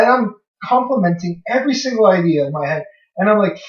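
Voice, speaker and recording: Young male co-host, slightly high voice, loose swearing storyteller; dull lo-fi sound, distant from the mic. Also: expressive, fast talker. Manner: rambling, swears freely, acts out his own past lines. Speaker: podcast co-host. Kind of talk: casual storytelling. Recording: echoey room, far from mic, dull lo-fi.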